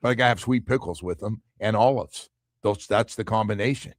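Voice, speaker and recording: Middle-aged radio host, dry studio voice. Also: male voice, a little fast, no echo. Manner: animated storyteller, drops into low quoted asides. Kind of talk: casual sports talk radio banter.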